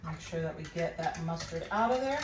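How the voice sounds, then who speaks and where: A woman's voice: low voice, animated, fairly quick, heavy background noise. A woman chatting casually to her viewers while cooking and tasting food in a home kitchen. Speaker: cooking vlogger.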